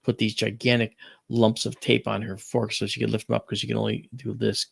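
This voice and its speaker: A man's voice: fairly low pitch, fairly quick, creaky, breathy edge, no echo. A man hosting a talk stream, chatting casually and telling a family story with lots of animation. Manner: animated storyteller, acts out quoted voices. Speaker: podcast host.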